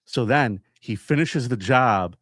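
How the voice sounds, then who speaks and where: A man's voice: unhurried, no room sound, studio quality. A man co-hosting a podcast, telling a true-crime story in casual banter and acting out quotes. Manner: animated, acts out quotes with big jumps in pitch. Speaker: podcast co-host.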